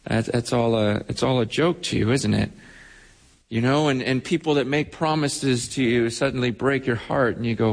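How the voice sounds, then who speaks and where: A man's voice: medium pitch, normal speed, gravelly, long reverb tail. A man preaching a sermon with passion, often repeating his words and acting out the voices of people he quotes. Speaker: pastor.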